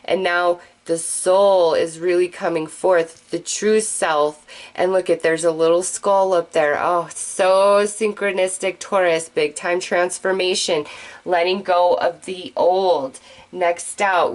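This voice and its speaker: A woman giving a general tarot reading straight to her viewers, excitable and gushing, talking in quick bursts. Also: lowish voice, rough recording. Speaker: tarot reader.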